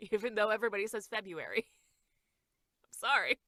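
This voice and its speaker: A woman voice actor in a casual podcast chat, talking fast and laughing often as she acts out quotes. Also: mid-range voice, bright, forceful tone, no room sound, clean studio sound. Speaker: voice actor guest.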